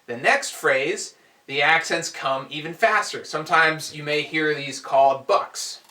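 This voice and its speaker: Drum teacher in an echoey room. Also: male voice, a little high, measured pace, a little hiss or hum. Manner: relaxed, counts aloud and demonstrates strokes. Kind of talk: instructional explanation. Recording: echoey room, heard from a distance.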